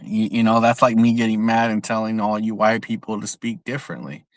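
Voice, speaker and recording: A man's voice: lowish voice, steady tone, a little fast, no echo. A young man from San Jose, California, ranting bluntly and profanely on a casual livestream, often repeating himself, speaking outdoors. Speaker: livestream host.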